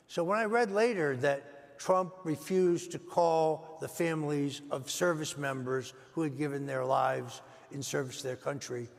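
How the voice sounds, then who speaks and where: Older male guest, gravelly, measured storyteller with many fillers, recorded in a reverberant hall. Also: mid-range voice. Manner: measured anecdote with frequent "uh" fillers. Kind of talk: storytelling in an interview.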